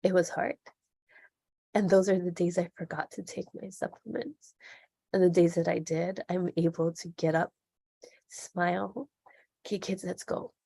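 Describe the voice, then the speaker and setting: A woman's voice: fairly low pitch, fairly even intonation, unhurried, gravelly, pauses often, dark tone, dry recording. A middle-aged woman speaking as a podcast guest, earnest and reflective as she talks openly. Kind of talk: candid interview conversation.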